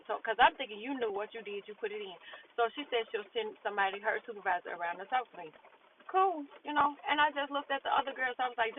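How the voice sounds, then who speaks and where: A woman's voice: on the high side, quick pace. A woman telling a work story in a blunt, profane, frustrated casual rant, acting out what others said. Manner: blunt, profane, frustrated, retelling with quoted dialogue. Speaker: vlogger. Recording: tinny phone-like audio with faint noise.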